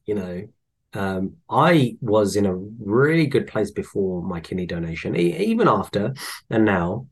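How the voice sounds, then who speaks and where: A man, chatting casually and telling animated anecdotes. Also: on the low side, a little slow, breathy edge. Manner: animated storyteller, acts out voices in anecdotes. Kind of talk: casual conversation.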